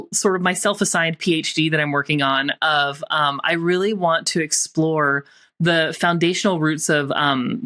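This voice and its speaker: A woman from Tennessee with a neutral, mid-Atlantic-leaning accent, chatting as a podcast guest, animated and quick to laugh. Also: lowish voice. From Tennessee, USA. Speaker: guest, copywriter and author. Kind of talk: casual podcast conversation.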